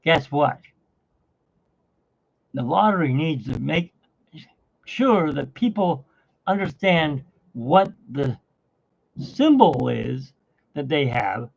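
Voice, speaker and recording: A middle-aged man with hiccups chatting casually at home while drawing, rambling and animated, his pitch jumping up when he gets excited. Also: slow, creaky, pauses often. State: has hiccups. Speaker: artist and channel host. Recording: dull lo-fi home recording.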